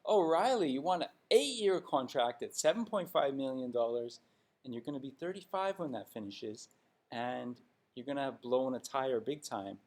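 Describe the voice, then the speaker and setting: A man's voice: medium pitch, lively intonation, moderate pace, darkish tone. A man putting on a mocking voice of a fawning, nervous male hockey executive who is eager to please. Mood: sugary.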